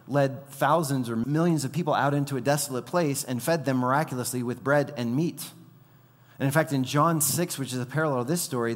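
Preacher in a reverberant hall. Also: male voice, mid-range voice. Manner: animated storytelling, acting out quoted lines. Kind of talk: sermon.

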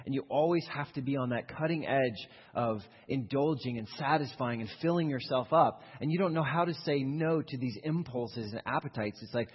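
A man's voice: mid-range voice, normal speed, few pauses, husky. A man preaching a sermon as pastor, earnest and conversational, explaining his points and acting out quoted voices. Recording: dull long reverb of a large hall.

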